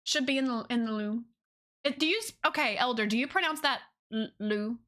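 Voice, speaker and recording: A female streamer with a high, sharp voice talks a little fast, chatting casually with her viewers while drawing, bubbly and prone to giggling.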